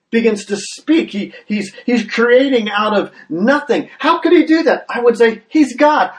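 A man's voice: extremely high pitch, distant mic, poor audio. A man preaching a sermon as a pastor, earnest and often repeating the first words of a phrase, building energy with questions.

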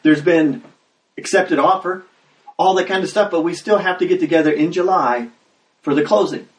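A man preaching a sermon as pastor, talking conversationally and breaking into loud acted exclamations. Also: fairly high pitch, moderate pace. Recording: roomy sound, mic at a distance.

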